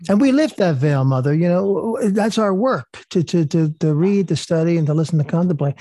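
A man's voice: a little high, animated, fairly quick, dark tone, no echo. A man in a prayer group, responding emphatically and stammering a little as he reflects. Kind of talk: devotional group discussion.

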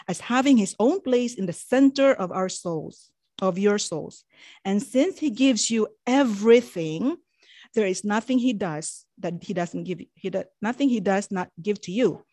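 A woman reads a devotional passage aloud, then pauses to reflect on it in her own words. Her pitch sits in an ordinary middle range. She sounds earnest and conversational, often restarting a phrase, and the recording is dry and close with almost no room sound. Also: darkish tone, no room sound. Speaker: spiritual teacher.

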